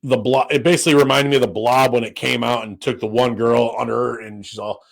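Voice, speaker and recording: A man's voice: medium pitch, fairly even intonation, fast, gravelly. A man co-hosting a podcast, chatting casually in a rambling way with many fillers and restarts, and swearing freely. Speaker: podcast co-host. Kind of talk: casual chat.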